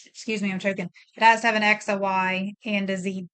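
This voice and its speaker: A middle-aged woman teaches a recorded math lesson. Her voice is smooth and clear, with a level, unvarying tone. She explains plainly, thinking aloud through each step as she works. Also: medium pitch, little pitch movement, fairly quick, a bit bright.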